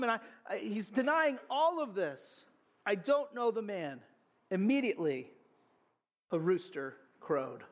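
A man preaching a sermon, earnest and animated, with quick asides to the congregation. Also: sits high. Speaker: pastor.

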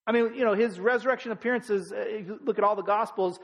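A man's voice: high-pitched, fast talker. A man teaching verse by verse through a Bible passage in a loose, conversational way, full of "like" and "you know", with emphatic bursts.

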